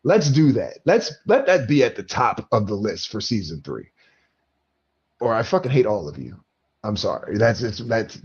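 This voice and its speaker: A man's voice: on the low side, darkish tone, breathy edge, lo-fi sound. A man co-hosting a show review, ranting emotionally with swearing and laughter. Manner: emotional, profane, laughing rant. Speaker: podcast co-host. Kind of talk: casual review chat.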